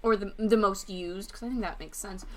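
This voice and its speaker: A woman's voice: medium pitch, steady tone, moderate pace. A young woman co-hosting a podcast in casual chat, rambling and interrupting herself as she talks. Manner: rambling, self-interrupting, chatty. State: hiccuping. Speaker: podcast co-host.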